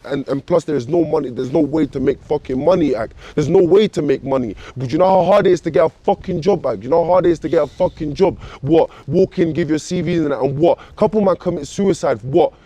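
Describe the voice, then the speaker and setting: A man's voice: fairly high pitch, mellow. A man with a London accent, speaking as an interviewee in an impassioned street interview. He talks angrily, swears a lot and fires off one rhetorical question after another. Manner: angry, profane, fires off repeated rhetorical questions.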